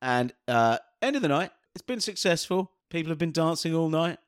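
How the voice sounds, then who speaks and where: A man co-hosting a podcast, telling DJ anecdotes with lively storytelling and frequent laughter. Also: on the high side, normal speed, clear, resonant tone, no room sound, studio quality. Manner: animated storytelling, acts out exchanges, laughs often. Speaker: podcast co-host and DJ. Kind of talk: casual banter.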